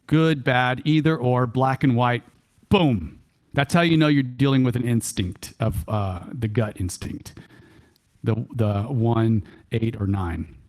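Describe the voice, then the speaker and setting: Animated male workshop speaker with a Texan accent. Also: mid-range voice, slow. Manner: animated, repeats key phrases for emphasis; chuckles often, folksy asides. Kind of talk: church workshop talk. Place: church hall.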